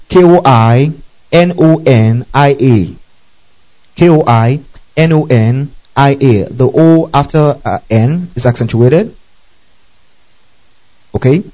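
Guy preaching, reads a verse then repeats the key bit, keeps saying okay and underline that, voice a bit high. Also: mellow, highs cut off. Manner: checks in constantly with "okay?" and "underline that". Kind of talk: Bible teaching sermon.

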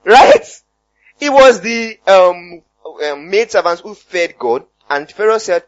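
A man with a Nigerian accent preaching a sermon in an animated, conversational way, his voice cracking, with frequent hallelujahs. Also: high voice, unhurried, long pauses, no echo, lo-fi sound. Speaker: pastor.

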